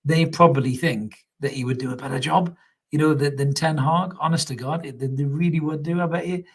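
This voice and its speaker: Husky-voiced football fan. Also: male voice, on the high side, steady tone, fairly quick. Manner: chatty, laughs often, swears casually. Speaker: fan channel host. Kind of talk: live match reaction, reading chat comments.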